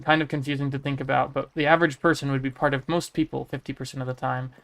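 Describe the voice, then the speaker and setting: Gravelly-voiced American man chatting on stream. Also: mid-range voice, fairly bright tone. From United States. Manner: musing, answers chat messages aloud. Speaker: game streamer. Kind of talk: casual livestream chat.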